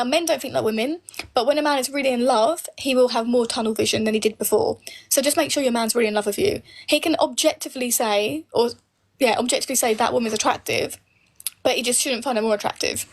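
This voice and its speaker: Blunt, sweary woman streamer. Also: fairly high pitch. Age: late 20s. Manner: blunt, opinionated, swears freely. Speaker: live streamer answering viewer comments. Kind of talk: casual live Q&A.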